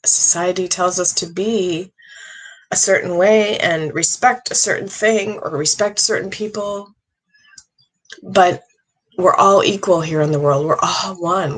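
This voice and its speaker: A middle-aged woman, a psychic medium, giving an earnest, halting monologue with many restarts. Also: lowish voice, breathy edge, rough recording. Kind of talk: casual monologue.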